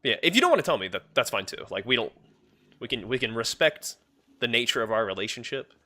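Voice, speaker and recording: A man's voice: mid-range voice, animated, quick pace, bright, forceful tone. A young man streaming a game, chatting casually with his viewers in a rambling way. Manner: rambling, talks to chat, many fillers and restarts. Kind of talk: casual live-stream chat.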